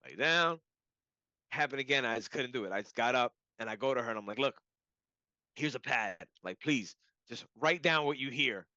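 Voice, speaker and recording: A man telling a personal story in a casual, animated way, full of "like" and "you know". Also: medium pitch, moderate pace, dry recording. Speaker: client giving a testimonial. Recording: dull lo-fi audio.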